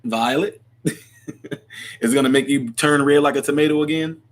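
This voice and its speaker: On a casual livestream, a man whose voice sits on the high side talks at normal speed. He reads viewer comments and answers them in a loose, rambling chat, often breaking into laughter.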